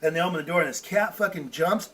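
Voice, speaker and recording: A man hosting a podcast, telling a profane, animated story and laughing as he goes. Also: fairly high pitch, quick pace, husky, far from the mic. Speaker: podcast host. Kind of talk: casual storytelling. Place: outdoor front porch.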